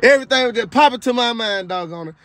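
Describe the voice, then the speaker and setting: A man's voice: extremely high pitch, animated, fast, a bit bright, no room sound. A man telling the story of a dream in a casual, emphatic testimony style, repeating himself for effect and dropping into preachy asides. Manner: casual colloquial speech. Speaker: video creator retelling a dream.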